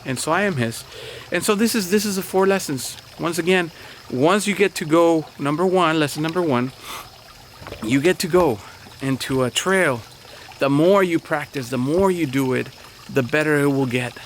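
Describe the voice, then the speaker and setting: A man's voice: fairly high pitch, moderate pace, a little hiss or hum. A man preaching as a pastor in an earnest, encouraging way, often repeating and restarting his phrases. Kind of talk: motivational sermon talk.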